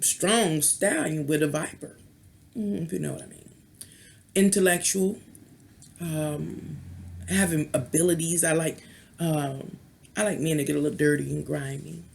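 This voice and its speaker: A woman vlogger and tarot reader rambling in a casual rant, chatty and playful, with sultry, knowing asides. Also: deep voice. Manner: chatty, rambling, with restarts and playful beeping sounds.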